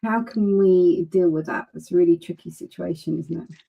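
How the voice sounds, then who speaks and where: A woman's voice: on the low side, normal speed, vocal fry, phone-quality sound. A woman hosting a webinar over a video call, gushing and enthusiastic. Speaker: webinar host.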